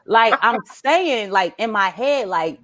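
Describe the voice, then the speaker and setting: A woman doing a stand-up comedy set, animated and swinging between low mutters and high exclaims. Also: takes it slowly.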